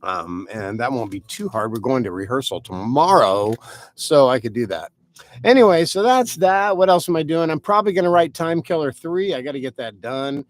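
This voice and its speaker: A man's voice: mid-range voice, lively intonation, normal speed. A man who writes novels, rambling casually through a live stream for his viewers and cursing now and then. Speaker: author hosting a live stream.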